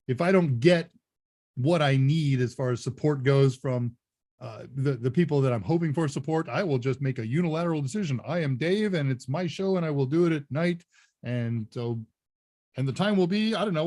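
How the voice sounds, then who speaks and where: A man's voice: fairly high pitch, a little mellow. A middle-aged man hosting a live Q&A stream, chatting casually, rambling and correcting himself, laughing now and then. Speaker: live Q&A show host.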